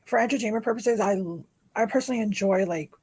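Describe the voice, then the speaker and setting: A woman co-hosting a podcast, chatting in a relaxed way with many filler words. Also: on the high side, quick pace, slightly rough. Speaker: podcast co-host. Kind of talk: casual chat.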